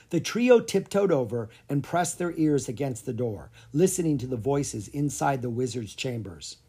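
A storybook narrator reading a children's chapter book aloud in a slow, deliberate, hushed way. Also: mid-range voice, sing-song, husky.

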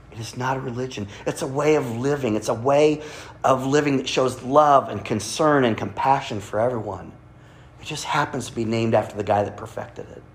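Conversational male preacher giving a sermon. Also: medium pitch. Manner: conversational, asks the congregation rhetorical questions.

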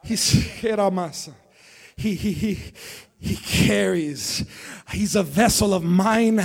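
A man preaching a sermon as pastor to a congregation in a church, calling out to the listeners and swinging from low talk to shouting. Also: drawn-out words, vocal fry. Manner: call-and-response preaching, dropping low then building to shouts. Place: church sanctuary before a congregation.

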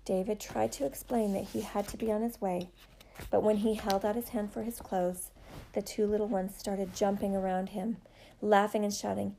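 Gravelly, mellow woman storyteller. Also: mid-range voice, steady tone, moderate pace. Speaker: narrator. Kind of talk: audiobook reading of a novel.

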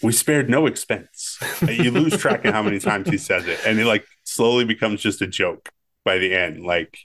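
A man co-hosting a podcast, chatting casually about a movie in a relaxed way, often saying "like" and "um". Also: on the low side, normal speed, a little hiss or hum. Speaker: podcast co-host.

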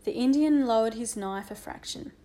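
A woman narrating a children's audiobook with a lively, expressive reading. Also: a little high, normal speed.

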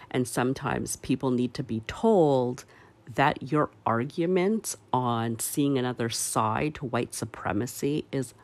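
Slow, halting man speaking earnestly. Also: medium pitch, creaky. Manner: slow and halting, with many pauses and fillers; firm and emphatic on key words. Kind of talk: earnest opinion commentary.

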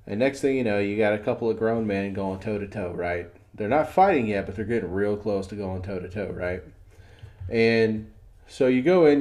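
A middle-aged man co-hosting a casual podcast, telling an example story and acting out the quotes. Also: on the low side. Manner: storytelling with lively acted-out quotes. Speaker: podcast co-host.

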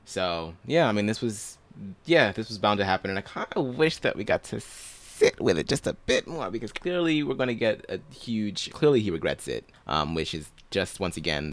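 A man's voice: on the low side, a bit bright, smooth. A young man co-hosting a podcast, chatting casually in an offhand, joking way and trailing off. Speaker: podcast co-host. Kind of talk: casual chat recapping a TV episode.

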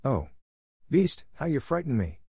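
This is the fairy-tale heroine Beauty, young and kind, speaking earnestly and with feeling, voiced by a male storyteller. The voice sits low and the sound is dry and close. It reads as a gentle audiobook part. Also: lively intonation, a little fast, no room sound. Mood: emotional. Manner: earnest, emotional. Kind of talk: audiobook reading.

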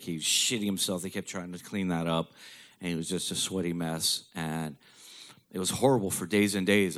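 Middle-aged guy doing stand-up, swears a lot, a bit low voiced. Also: fairly bright tone. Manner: crude, profane, conversational. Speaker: stand-up comedian. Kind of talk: stand-up storytelling.

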